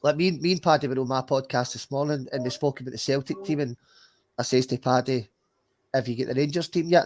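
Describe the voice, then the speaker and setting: A Scottish man on a fan podcast, giving his football opinions bluntly and with swearing. His voice sits a touch high for a man. He repeats words as he builds his point. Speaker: podcast host. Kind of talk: casual football chat.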